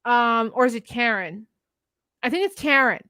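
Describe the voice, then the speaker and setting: High-voiced excitable woman podcaster. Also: normal speed, no echo, studio quality. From Northeast Pennsylvania. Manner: excitable, quotes movie lines, laughs often. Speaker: podcast co-host. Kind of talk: casual chat.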